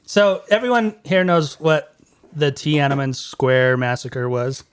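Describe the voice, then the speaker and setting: A man's voice: a little high, expressive, slow pace, smooth, no room sound. Easygoing young man hosting a podcast. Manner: easygoing, heavy use of "like" and "um". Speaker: podcast host. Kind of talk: casual podcast chat.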